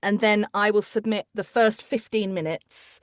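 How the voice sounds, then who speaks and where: A woman's voice: mid-range voice, steady tone, dry recording. Chatty woman, dry close mic. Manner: chatty, quick asides and restarts. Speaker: audiobook narrator and coach. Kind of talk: casual interview chat.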